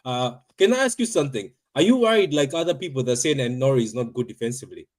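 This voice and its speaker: A man hosting a live-streamed panel over a video call. He talks insistently and teasingly, often repeating people's names. His voice sits at a middle pitch. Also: animated, fast, a little mellow. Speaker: host.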